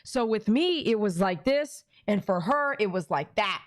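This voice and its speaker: A woman's voice: mid-range voice, expressive, unhurried, no room sound. A woman dog groomer chatting on her live stream, reading viewer comments aloud and talking emphatically, often checking that viewers agree.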